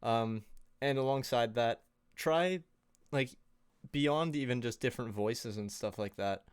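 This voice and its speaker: A man's voice: mid-range voice, unhurried, clear, resonant tone, no echo, clean studio sound. A man casually presenting tips on a livestream in a loose, chatty way, full of fillers and little laughs. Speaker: co-host presenting on sound design.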